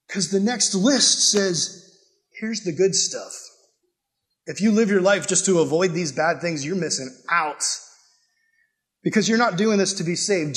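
Young male youth pastor, casual and animated sermon, fairly high voice. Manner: casual, animated youth preaching with acted-out quotes.

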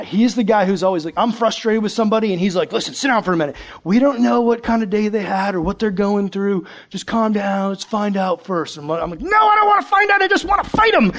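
A young male youth pastor gives a loose, joking sermon in a high, light voice. He talks like he's chatting with friends, then jumps into sudden loud outbursts to make a point.

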